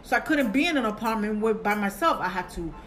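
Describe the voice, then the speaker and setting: A woman in her forties shares a personal story as a podcast guest, animated and quick to act out what others said. Music plays clearly beneath her voice, and her pitch sits in a middle range. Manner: animated, acts out quoted voices, laughs often. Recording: music playing underneath.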